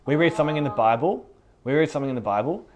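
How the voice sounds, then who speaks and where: A man leading a casual Bible study, reading verses aloud and commenting with animated enthusiasm and frequent laughter. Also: on the high side, racing. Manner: animated, laughs often, reads scripture then comments.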